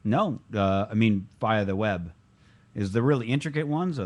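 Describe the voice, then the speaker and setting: Laid-back man with an animated voice. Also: fairly low pitch, normal speed. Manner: laid-back, jokey, swears casually. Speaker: podcast co-host. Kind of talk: casual comedic chat.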